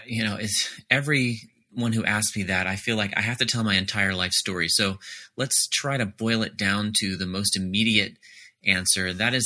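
A man with a very bright, forward voice and a fairly low pitch. He answers interview questions earnestly and articulately, laying out his ideas in careful detail. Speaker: author and academic editor.

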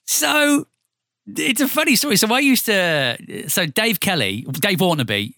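A man with a Northampton accent spins radio anecdotes. His pitch swings widely as he acts out voices, and his tone is bright and forward. The sound is close and dry. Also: measured pace, creaky, no room sound. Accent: Northampton English. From England. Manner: animated storyteller, acts out voices, swears freely. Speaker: radio presenter guest. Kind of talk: casual podcast interview.

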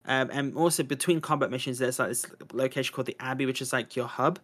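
A man's voice: mid-range voice, fast, a bit bright. A man co-hosting a podcast in casual chat, enthusiastic and rambling, often correcting himself mid-sentence. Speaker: podcast co-host. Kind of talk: casual chat about video games.

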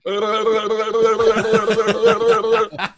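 A man's voice: high voice, very slow, a loud crowd. A man telling a story in casual conversation, swearing freely and acting out the other people's lines. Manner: animated, profane, acts out quotes.

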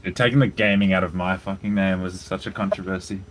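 A man's voice: low voice, fairly even intonation, quick pace, a bit bright, a little hiss or hum. A man who is a podcast guest, chatting in a laid-back way with casual swearing. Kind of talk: casual chat.

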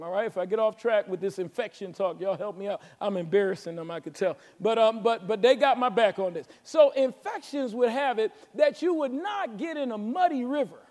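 A man preaching a sermon as pastor, with a Southern American accent and call-and-response delivery that builds to shouts. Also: sits high. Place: large church sanctuary. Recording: long hall reverb.

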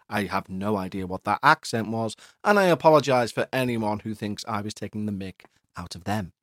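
A man's voice: mid-range voice, lively intonation, brisk, no room sound, clean studio sound. A man hosting a ghost-story podcast, chatting casually with puns and jokes, then reading a news story aloud. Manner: jokey, punning, chatty. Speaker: podcast host.

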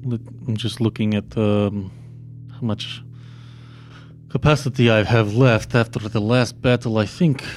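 A man's voice: lowish voice, steady tone, a little slow, faint music behind. A man playing a tabletop game, thinking aloud and often hesitating. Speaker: player. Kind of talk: casual tabletop play.

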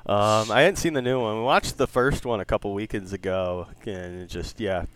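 A man's voice: fairly low pitch, moderate pace, a bit bright, a little hiss or hum. A man in his late thirties co-hosting a podcast, chatting casually, laughing often and swearing freely. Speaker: podcast co-host. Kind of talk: casual chat.

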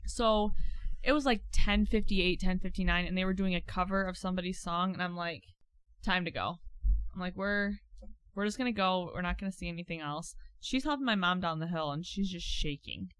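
A woman's voice: fairly low pitch, brisk, smooth, dry recording. A woman guest on a podcast, chatting casually and telling stories with lots of acted-out quotes. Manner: animated storyteller acting out quotes. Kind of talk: casual chat.

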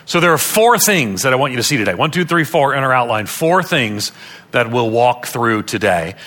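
Bright-voiced pastor preaching a sermon. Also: male voice, mid-range voice, very animated, normal speed. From Long Island, New York. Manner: earnest teaching, repeats key phrases for emphasis.

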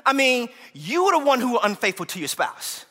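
Impassioned male pastor, high bright voice, preaching in a reverberant church hall. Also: very animated, fairly quick. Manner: impassioned, rising to shouts when voicing cries to God. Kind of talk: sermon.

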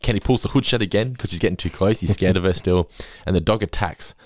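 A man hosting a podcast, giggling often and slipping into animated impressions as he recaps an episode. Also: low-pitched, fast, no echo, studio quality. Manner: giggly, jumps into animated impressions when quoting. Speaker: podcast host. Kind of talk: casual recap chat.

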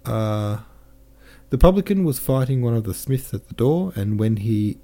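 A man reading a classic novel aloud as a podcast narrator, measured and careful, now and then correcting himself. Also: mid-range voice, lively intonation, dark tone. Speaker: audiobook narrator.

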